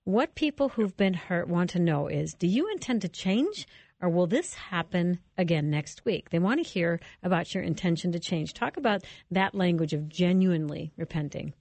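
Low-pitched woman hosting a talk show. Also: animated, vocal fry, no room sound. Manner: warm affirming, brisk when moving on. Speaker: radio show host. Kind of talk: radio talk interview.

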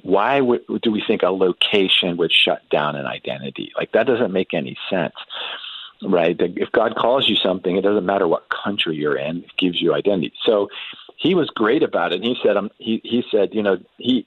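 A man telling a long family story as a guest in a conversation, talking haltingly with many restarts and fillers. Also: sits low, no echo. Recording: tinny phone-like sound.

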